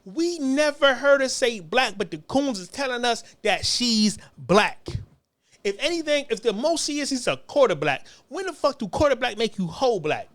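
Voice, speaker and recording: High-voiced man in a heated rant. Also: big pitch swings, moderate pace, fairly bright tone. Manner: profane, repetitive, stumbling restarts. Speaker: online commentator.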